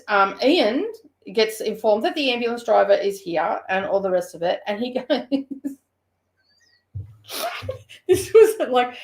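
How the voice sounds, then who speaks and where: A woman with an Australian accent telling a funny story in a chatty, animated way, breaking into laughter. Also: medium pitch. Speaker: host. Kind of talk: casual storytelling.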